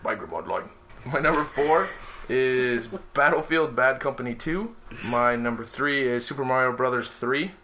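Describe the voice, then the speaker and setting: A young man talks with his friends in a loose, excitable way, gushing over his favorites and swearing without a second thought. His voice has a bright edge to it, and a faint hiss sits underneath. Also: mid-range voice, normal speed. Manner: excitable, swears freely, gushes about favorites. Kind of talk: casual chat among friends.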